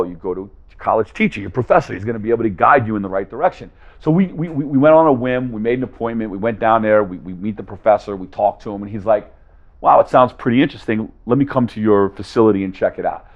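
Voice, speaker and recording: A man telling a story to a live audience, acting out both sides of each conversation with lively energy. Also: on the low side, dull audio. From Las Vegas, USA. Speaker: guest speaker.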